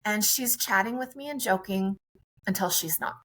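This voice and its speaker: A woman's voice: mid-range voice, normal speed, a bit bright, poor audio. A woman guest on a podcast, a friendly and chatty mother telling her own story in conversation.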